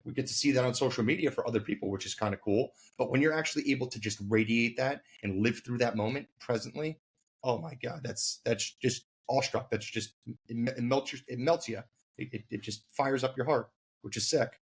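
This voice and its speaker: Male host, husky tone, pep-talk delivery, casual cursing. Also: medium pitch, brisk. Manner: emphatic, motivational, loosely profane. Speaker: podcast host.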